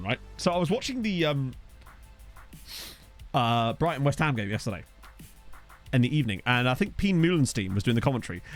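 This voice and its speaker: A young man casually chatting to his live chat while playing a game, rambling and reacting as he goes, into a desktop microphone. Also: a little high. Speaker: gaming streamer. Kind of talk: casual live-stream commentary. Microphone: desktop USB microphone.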